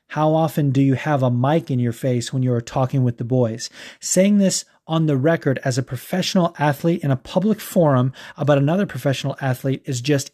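Angry podcast host guy ranting, cussing a lot, restarts words, warm dark voice. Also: mid-range voice. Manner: heated, profane, stumbling restarts. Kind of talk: casual ranting podcast talk.

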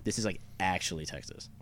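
A man's voice: low-pitched, normal speed, a bit bright. A young man from Canada chatting casually, rambling and swearing a lot with frequent laughs. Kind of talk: casual chat.

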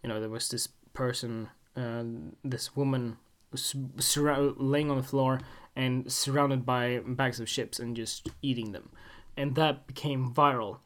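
A man's voice: medium pitch, steady tone, measured pace, a bit bright. A Swedish-born man hosting his own podcast alone, rambling casually with jokey, self-mocking asides. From Sweden. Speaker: podcast host. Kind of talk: casual solo podcast monologue.

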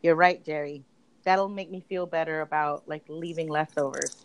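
A woman's voice: low-pitched, fairly even intonation, moderate pace, low-quality recording. A woman co-hosting a podcast, talking in a chatty, casual way with lots of fillers and restarts. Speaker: podcast co-host. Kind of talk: casual chat.

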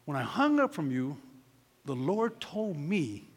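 A gravelly, slightly high-voiced middle-aged man preaches from the pulpit, telling a story and voicing every person in it. He swings from booming peaks down to near-hushed asides. His voice rings with a long hall reverb. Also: sing-song, takes it slowly. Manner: storytelling, acts out quotes, swings from loud to hushed. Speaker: pastor.

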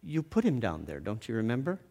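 A man voicing a gentle, kindly male host figure who speaks softly, quietly and reassuringly. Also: medium pitch, wildly swooping pitch, a little fast, big-room sound, voice pushed down.

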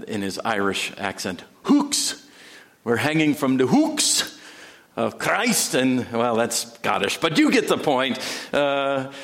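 A man preaching a sermon in a church sanctuary, dramatic, with sudden drops to a hush and rising emphasis. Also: medium pitch. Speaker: pastor.

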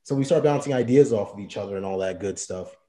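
A young entrepreneur tells his story casually in fast, slangy speech, animatedly quoting other people's back-and-forth in his own voice. His voice is low and mellow with no edge, and the room has a noticeable echo.

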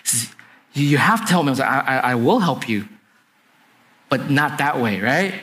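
A young adult pastor preaches a sermon conversationally, telling stories and often asking the congregation "right?" to check in. His mid-range voice is animated and a bit bright, at normal speed.

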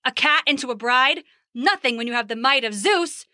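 A woman voicing a blustering, quick-tempered old male god in a storybook podcast, roaring and boastful. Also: high voice, expressive, bright, forceful tone, no room sound, studio quality.

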